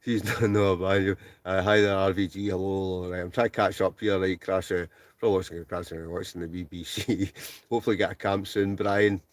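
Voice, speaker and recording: A man's voice: low-pitched, level tone, a little fast, dry recording. A Scottish man in his forties hosting a casual livestream, reading out viewers' comments, laughing often and mumbling a bit. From Scotland. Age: 40s. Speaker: livestream host. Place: inside a tent.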